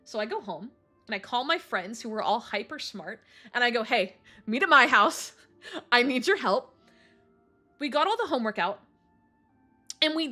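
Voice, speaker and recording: Young woman, streamer, high voice, bright tone, animated storytelling, casual swearing.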